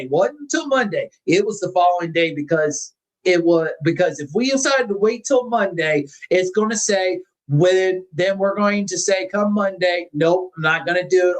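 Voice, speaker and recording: Guy with a pretty high voice rambling thru his story on a livestream, repeats himself a lot. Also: rough recording. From Missouri. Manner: rambling, repeats words, gets emotional. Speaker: carnivore diet channel host.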